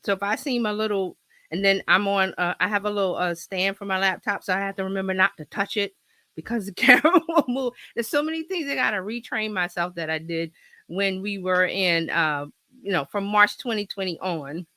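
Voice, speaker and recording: Her mid-range voice is pushed and bright, fairly quick, with no room sound at all. Hosting a casual livestream from her home office through a laptop and external mic, she chats, rambles and laughs a lot, a slight cold audible in her throat.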